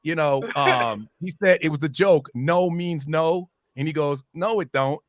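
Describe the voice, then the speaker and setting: Animated man chatting, dry sound. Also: on the high side, a little slow, no room sound. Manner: animated, swears freely, loud bursts. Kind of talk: casual chat.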